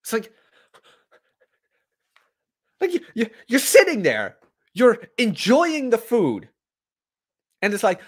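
Profane, animated man ranting. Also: extremely high pitch, slow pace, long pauses. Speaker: podcast host. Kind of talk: casual livestream rant.

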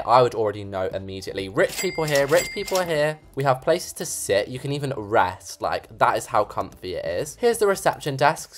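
A young English woman giving chatty, bubbly commentary on her game build, with jokey asides to her viewers. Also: a bass voice. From England. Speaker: gaming YouTuber. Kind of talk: casual gameplay commentary.

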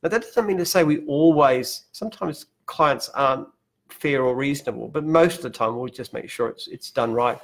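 An older Australian man, a company founder, chatting casually on a live stream from his open-plan head office, animated and often restarting his sentences with a chuckle. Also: mid-range voice, normal speed. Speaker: company founder answering viewer questions.

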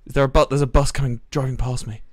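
A young man, commentating a live game stream in a flustered, excitable way, swearing and laughing. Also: mid-range voice, fast, no room sound. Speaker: livestreamer.

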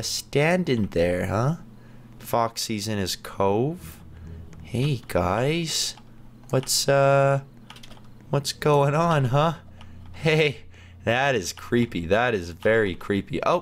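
A man hosting a gaming channel, chatting and reacting excitedly as he plays through a game. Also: mid-range voice, a little hiss or hum. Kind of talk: let's play commentary.

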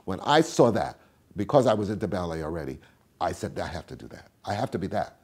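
An older man telling stories in an interview, acting out the people he quotes with big swings in pitch and loudness. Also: fast talker, slightly rough. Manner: animated storyteller, acts out quotes with big swings in pitch and volume. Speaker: interviewee, tap dancer. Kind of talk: storytelling interview.

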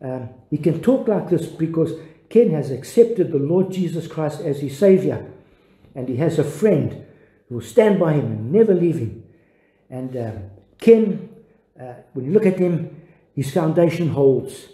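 An older man preaches a devotional sermon, earnest and halting, often restarting his phrases. His voice is very dark and mellow, pitched a little high for a man. The sound rings in an echoey room. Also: sing-song. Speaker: pastor.

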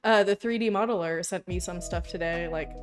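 A woman streaming live, talking in a loose, rambling way and swearing casually. Her voice sits a little low for a woman. Soft music plays quietly behind her. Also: a little fast. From Canada. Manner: rambling, chatty, swears freely. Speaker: livestreamer. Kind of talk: casual livestream chat.

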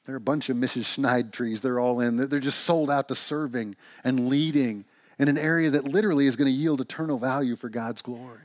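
A man's voice: mid-range voice, a little fast, no echo, studio quality. A man preaching a sermon in church, telling stories and asking rhetorical questions. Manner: animated storytelling with rhetorical questions. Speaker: pastor.

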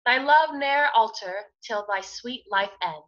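A woman's voice: on the high side, animated, measured pace, fairly bright tone. A woman playing a modest, teasing young maiden. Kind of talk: Shakespeare verse reading. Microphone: video call. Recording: dull lo-fi video call audio.

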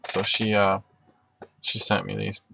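Low gravelly man, prayer and chat. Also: monotone, noisy background. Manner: halting, many fillers and restarts. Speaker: livestream host. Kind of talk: closing prayer and live chat with viewers.

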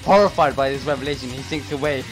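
A man reading a dating game aloud in soft, dramatic narration. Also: medium pitch, fast. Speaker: game reader. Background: music.

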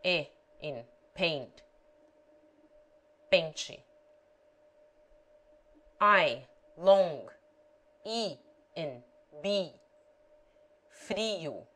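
A woman's voice: lowish voice, lively intonation, drawn-out words, fairly bright tone. A woman reading a language lesson aloud, spelling out letters and example words one at a time. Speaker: language teacher.

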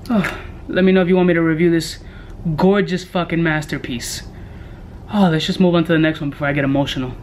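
A man's voice: on the high side, slight background noise. A young man casually reviewing fragrances in a brash, joking way, full of profane street slang. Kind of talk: casual product review vlog.

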